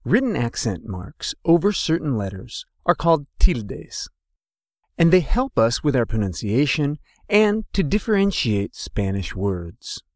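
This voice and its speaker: Man, language teacher, scripted lesson, slow delivery, animated pitch. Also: no echo, studio quality. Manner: slow, deliberate, carefully sounds out each example word.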